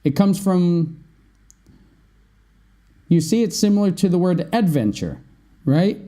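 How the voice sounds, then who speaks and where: A man's voice: high-pitched, expressive, dark tone. A man hosting an English-learning podcast, going through vocabulary words and often checking in with "right?". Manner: explains slowly, often asks "right?". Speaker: English teacher, podcast host. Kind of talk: vocabulary lesson.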